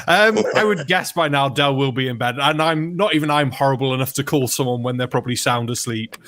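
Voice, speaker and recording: A man's voice: fairly high pitch, lively intonation, a little fast, few pauses, pushed and bright. A man hosting a live stream in casual, joking chat and reading out viewer messages. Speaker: stream host.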